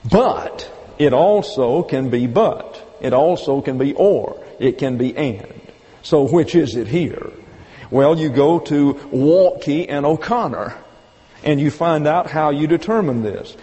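A male Bible teacher works through his point step by step, slowing to stress each quoted phrase. His voice sits a little high but sounds mellow and dark. A long reverb from the hall trails behind him. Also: expressive. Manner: methodical, step-by-step explaining, slow emphatic quoting. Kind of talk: evening Bible lesson.

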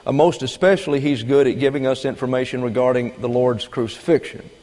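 A man preaching a sermon, emphatic, slowing down and rising for his key points. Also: medium pitch, steady tone, a little mellow. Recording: long hall reverb.

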